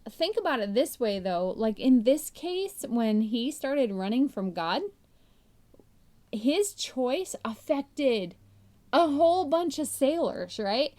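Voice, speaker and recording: A woman hosting a podcast, retelling a Bible story in a chatty, animated way, full of "like" fillers. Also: a little high. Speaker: podcast host.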